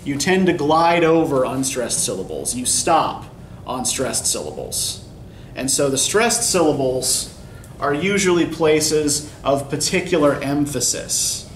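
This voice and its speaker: A man's voice teaches a poetry class in a plain explanatory lecture, pausing often to ask "right?". He sits slightly high in pitch. The recording picks him up from a distance in a roomy, echoing classroom with faint background noise. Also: lively intonation. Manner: explanatory, keeps asking "right?". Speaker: English instructor. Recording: echoey classroom recorded from afar.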